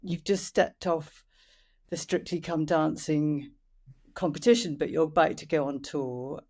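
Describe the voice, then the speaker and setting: Woman interviewer on a podcast, soft and thoughtful, asks gentle questions. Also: low-pitched, a little slow. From England. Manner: gentle, reflective, empathetic questioning. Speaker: podcast host.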